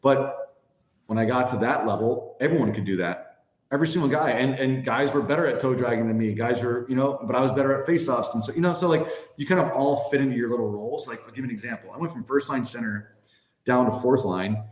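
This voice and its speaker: A man's voice: medium pitch, fast talker. Guy in his 30s rambling thru hockey stories, like like you know, echoey room. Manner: loose, rambling, many "like" and "you know" fillers. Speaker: podcast guest, former hockey player. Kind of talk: casual storytelling. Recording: roomy echo.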